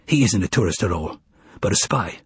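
A man voicing a brash, suspicious young male poet, blunt and conspiratorial, with a husky voice. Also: sits low, expressive, a little fast, no echo, studio quality, exaggerated voice.

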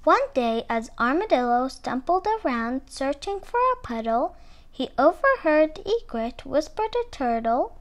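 A woman reading a picture book aloud to children, with expressive, animated storytelling. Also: sits high, measured pace.

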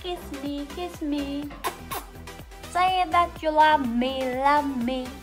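A woman's voice: sits high, fairly even intonation, slow. A young woman from Sweden vlogging her travel to camera, chatty, playful and emotional. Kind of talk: casual vlog chat to camera. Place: airport and plane, indoors. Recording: loud music under voice.

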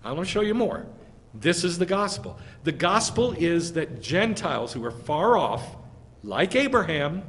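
A man preaching a sermon, his voice swinging widely in pitch as he presses each point. He speaks slowly and deliberately, firing rhetorical questions at the congregation, with a slightly higher voice than most men. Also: a bit bright. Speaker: rabbi.

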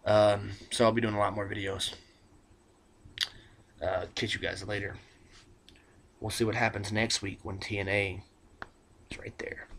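Excitable man ranting into a webcam. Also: on the low side, moderate pace, pauses often, slight background noise. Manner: excitable, rambling, stumbles over words. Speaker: wrestling vlogger. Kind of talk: casual webcam rant. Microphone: built-in laptop webcam mic.

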